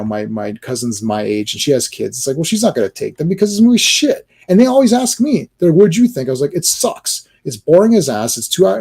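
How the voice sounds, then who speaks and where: A man's voice: mid-range voice, dark tone, husky. A man hosting a casual livestream, ranting animatedly about movies with many restarts and fillers. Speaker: livestream host.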